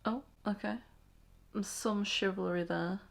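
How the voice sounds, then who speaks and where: This is a woman chatting through a film as a reaction host, in a mid-pitched voice. She exclaims and laughs often, with a soft bed of music behind her. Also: steady tone, a little slow, vocal fry. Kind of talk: casual reaction commentary.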